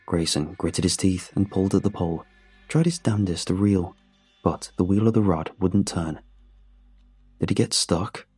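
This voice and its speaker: Male narrator, measured delivery, dark and husky low voice. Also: soft background music. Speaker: storyteller. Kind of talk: first-person story narration.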